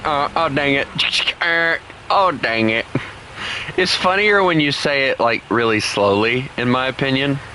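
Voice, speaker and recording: A young man chatting and teasing friends while streaming a game, playful and quick to laugh. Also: mid-range voice, bright, forceful tone, a little hiss or hum. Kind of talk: casual gaming stream chat.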